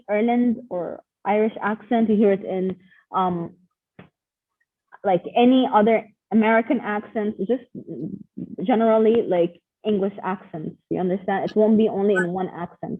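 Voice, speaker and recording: Woman teacher, quick encouraging explainer, tinny call audio, mid pitch. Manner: encouraging, explains step by step, switches languages mid-sentence. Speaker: English exam teacher. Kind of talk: online class lecture.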